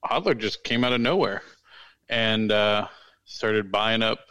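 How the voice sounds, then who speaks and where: A man co-hosting a podcast in easygoing, rambling chat, full of ums and restarts. His voice sits a little low, and it is recorded close and dry with no room sound. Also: unhurried, smooth, no echo. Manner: relaxed, rambling with frequent fillers and restarts. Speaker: podcast co-host.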